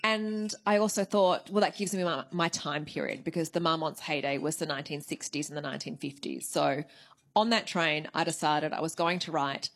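A woman's voice: low-pitched, normal speed. A woman novelist being interviewed, talking through her writing process in a thoughtful, conversational way. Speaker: novelist guest. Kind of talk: interview answers.

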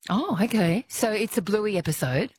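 A woman hosting a radio chat, easygoing and quick to laugh. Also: medium pitch, animated, a little mellow, a little hiss or hum. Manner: chatty, laughs easily. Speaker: radio host.

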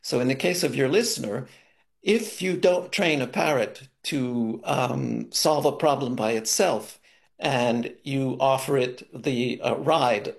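A man, a guest expert on a radio show, explaining research in a measured, hesitant way. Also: mid-range voice, creaky.

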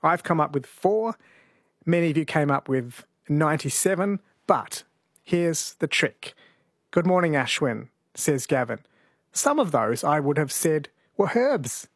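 A man's voice: a little high, expressive, measured pace, no room sound, studio quality. A man, hosting a talkback radio quiz and reading out listener texts in an easygoing way. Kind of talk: late-night talkback radio. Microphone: studio microphone.

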